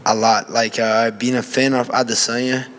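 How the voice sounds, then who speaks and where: A man's voice: medium pitch, normal speed. A man from Brazil with a Brazilian Portuguese accent, a fighter answering press questions and acting out his own reactions. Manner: animated, acts out his own reactions in quotes.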